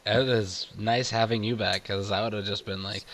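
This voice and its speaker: A man's voice: fairly low pitch, steady tone, normal speed, fairly bright tone, slight background noise. A man running a tabletop game who narrates loosely, with many fillers and a lot of laughing. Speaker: game master.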